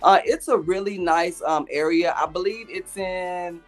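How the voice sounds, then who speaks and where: A man co-hosting a casual podcast, speaking in a measured way with frequent ums and uhs. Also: sits high, faint music behind. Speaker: podcast co-host. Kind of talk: casual recap chat.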